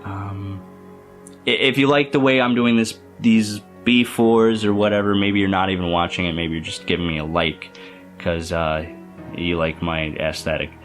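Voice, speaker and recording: Young man, very low voice, rambling casual vlog, enthusiastic, lots of restarts, faint music underneath. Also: fairly even intonation, normal speed. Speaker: youtuber. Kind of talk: casual movie review vlog.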